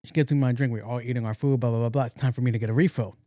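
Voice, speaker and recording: A young man hosts his own podcast and spins a funny story in a loose, swearing, lively manner. His voice sits in a medium pitch range. It sounds close to the mic and dry, with almost no room sound. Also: rapid-fire, no room sound. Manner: animated, profane, laughs at his own story. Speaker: podcast host. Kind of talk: casual comedic storytelling monologue.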